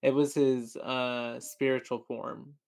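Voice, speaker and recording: A man with a mid-range voice co-hosts a podcast in relaxed, joking chat. He often trails off and restarts mid-thought as he walks through the film. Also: medium pitch, slow pace, clear, resonant tone. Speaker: podcast co-host. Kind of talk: casual movie recap chat.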